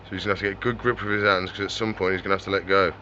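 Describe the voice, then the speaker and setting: Man, chatty, talks to his animals, bright voice, faint background hum. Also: low-pitched, level tone, very fast, highs cut off. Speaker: reptile shop owner. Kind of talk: casual vlog chat.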